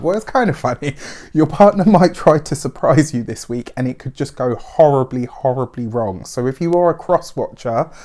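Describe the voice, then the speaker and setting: A man's voice: mid-range voice, a little mellow. Chatty male tarot reader. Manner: chatty, reassuring, with asides. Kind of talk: weekly tarot reading to camera.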